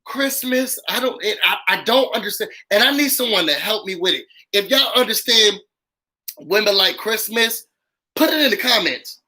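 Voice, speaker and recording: In a rough recording, a man with a high, expressive voice and sharp tone speaks at a moderate pace while hosting a casual live recap of reality TV. He's sassy, dramatic, and slangy, repeating lines for emphasis.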